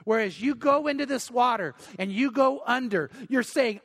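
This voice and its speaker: High-voiced earnest male pastor preaching. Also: moderate pace, few pauses, a bit bright. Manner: earnest, pleading, repeats words for emphasis. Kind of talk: sermon.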